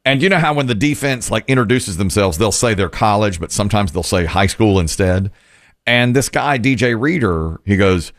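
A man's voice: fairly low pitch, normal speed, dry recording, studio quality. A middle-aged man from North Carolina telling a story in casual chat, acting out what others said. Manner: animated, acts out quotes of others.

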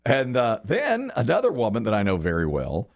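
A man's voice: mid-range voice, moderate pace, gravelly. A middle-aged man hosting a radio show, chatting casually and telling stories while acting out the voices of people he quotes. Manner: animated storyteller who acts out quoted voices. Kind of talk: casual on-air chat.

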